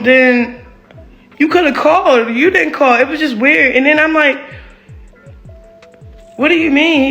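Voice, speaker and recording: A woman with a high, creaky, somewhat bright voice rambles candidly about her relationship. She gets heated, swears a lot, and leans heavily on "like."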